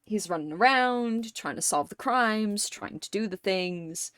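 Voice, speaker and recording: A woman hosting a livestream in casual chat, rambling and excitable, and swearing often. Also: medium pitch, unhurried, clear, resonant tone, no echo, studio quality. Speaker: livestream host. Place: home streaming setup.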